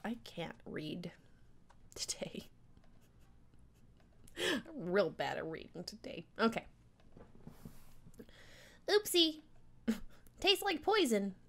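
A woman with a mid-range voice streams a dating game and reads it aloud. She adds sarcastic asides, giggles often, and reacts loudly.

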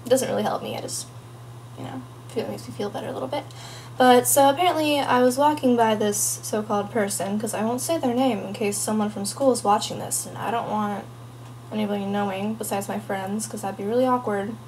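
A woman's voice: mid-range voice, brisk, darkish tone, a little hiss or hum. A teenage girl chatting casually in a vlog, rambling and playful with lots of asides. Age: teens. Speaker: vlogger.

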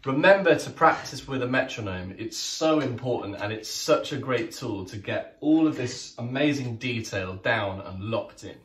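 A man's voice: medium pitch, lively intonation, moderate pace, few pauses, fairly bright tone. A man teaching drums in a friendly way, counting aloud and singing the beats with his mouth. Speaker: drum teacher. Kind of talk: music lesson. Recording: echoey room, mic at a distance, music playing.

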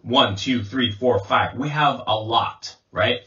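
A man as an English coach, giving a slow pronunciation lesson and repeating sounds as drills. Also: medium pitch, pushed and bright. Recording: distant mic, dull lo-fi sound.

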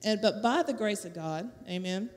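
In an echoey church sanctuary, a middle-aged woman from the American South, who works as a teacher, tells her testimony with lively storytelling. She talks at a normal speed in a medium pitch, laughing a lot and voicing the people she quotes.

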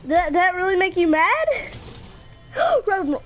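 A woman's voice: extremely high pitch, sing-song, takes it slowly, soft background music. A woman in casual gaming chat with a friend, bossy and teasing. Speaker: gamer.

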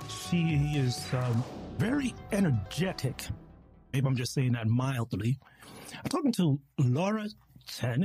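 A man from New York hosting an interview, friendly and enthusiastic as he chats with his guest. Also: on the high side. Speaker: host. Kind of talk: casual interview conversation.

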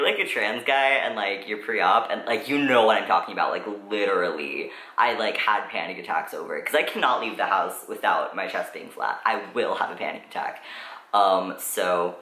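Low-voiced teenage guy rambling through a story. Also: bright, forceful tone. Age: teens. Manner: rambling, swears often, many fillers. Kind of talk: casual storytelling vlog. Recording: roomy echo.

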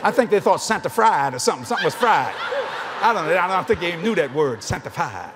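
Man, Cajun Louisiana accent, preacher, folksy joking sermon, high pitch. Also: big pitch swings, quick pace, background noise. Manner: folksy, joking, laughs often. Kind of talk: sermon storytelling.

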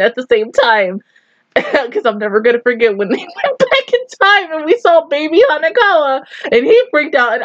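Expressive high-voiced woman reacting. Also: no echo, muffled recording. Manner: expressive, swearing, laughing, loud outbursts. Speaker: anime reaction youtuber. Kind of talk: casual reaction and review.

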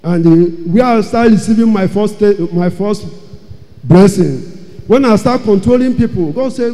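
A man's voice: sits high, normal speed, dark tone. Man, church testimony, dramatic repetitive storytelling, long hall reverb. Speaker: church member giving testimony.

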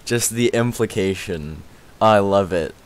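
Excitable young male game streamer. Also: fairly low pitch, a little slow. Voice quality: says his voice is worn out. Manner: excitable, laughs often, yelps and shouts when startled. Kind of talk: casual live-stream chat.

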